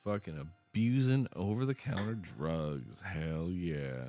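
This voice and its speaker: A man's voice: low-pitched, takes it slowly, warm tone, faint music behind. A man in his thirties, a podcast host, telling rambling, profane stories in casual chat. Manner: rambling storyteller, swears a lot.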